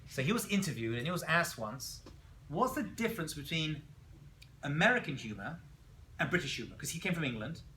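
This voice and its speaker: A man teaching a class as a rabbi, telling jokes and stories in an animated way and throwing questions at his students. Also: medium pitch, a little hiss or hum. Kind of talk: classroom lecture.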